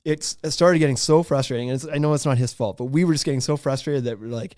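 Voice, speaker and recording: A man's voice: medium pitch, fast, dry recording, studio quality. A man in his thirties hosting a podcast, telling a story in a loose, laughing way with lots of fillers. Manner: animated, laughing, many fillers. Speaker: podcast host. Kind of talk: casual storytelling.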